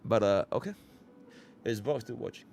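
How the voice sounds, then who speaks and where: A young man from Singapore streaming live, chatting casually with his viewers and swinging between low mumbles and excited shouts. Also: normal speed, gravelly, soft background music. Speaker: livestreamer.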